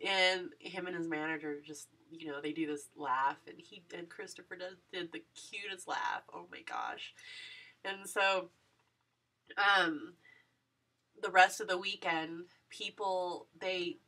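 Gushing young woman, bright and a bit distant. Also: on the low side, expressive, measured pace. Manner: gushing, breathless, full of fillers and giggles. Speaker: vlogger. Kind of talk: excited personal storytelling.

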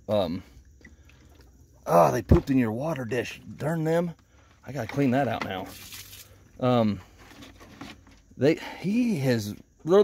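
A man's voice: mid-range voice, a little mellow, a little hiss or hum. A man rambling casually while doing farm chores outdoors, often talking to his animals. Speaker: homesteading vlogger. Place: outdoors at backyard animal pens. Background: chickens clucking.

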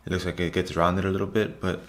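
A fitness vlogger narrates his workout footage as a casual voiceover in a low-pitched, flat, fast voice. He's loose, chatty and repetitive, often calling out to viewers and saying "guys" a lot.

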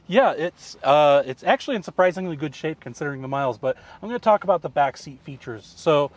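A man's voice: on the high side, lively intonation. A man co-hosting a casual car review outdoors, explaining specs and features in an easygoing way. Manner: easygoing, explanatory, quick to agree. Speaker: co-host presenting cars.

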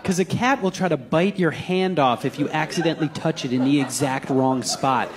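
A man tells a casual joke, laughing through it in a slightly high voice. People can be heard clearly around him. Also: moderate pace, crowd noise. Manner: laughing while talking. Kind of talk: joking chat.

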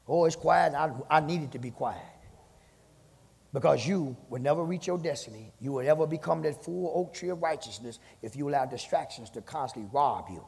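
Male pastor, raspy gravelly voice, fervent sermon delivery, church hall reverb. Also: a little fast. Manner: rising from low talk to fervent shouted preaching. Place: church sanctuary with long reverb.

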